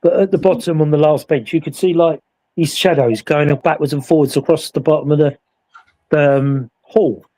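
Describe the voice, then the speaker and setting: A man recounting a ghost investigation in casual chat, acting out the voices in his story with animated energy. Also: on the high side, normal speed. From England. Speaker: paranormal investigator.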